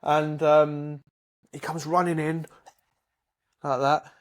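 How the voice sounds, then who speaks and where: A man's voice: a little high, flat delivery, slow pace. A man, co-hosting a podcast and telling rambling jokes with lots of hesitations. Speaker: podcast co-host. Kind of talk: casual chat, joke telling.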